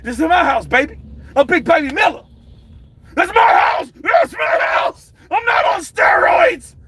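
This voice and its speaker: A man doing an impression of a brash, hot-tempered heavyweight boxer who yells profane taunts and swaggering boasts. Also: extremely high pitch, expressive, brisk, crowd noise, pitched above the performer's own voice. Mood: boastful.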